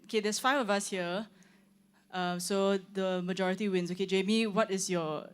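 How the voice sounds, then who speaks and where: A young singer from Singapore hosts her own launch livestream in a room with her band, chatting casually and rambling with plenty of "like" and "um." Her mid-range voice is smooth and steady, at a normal speed.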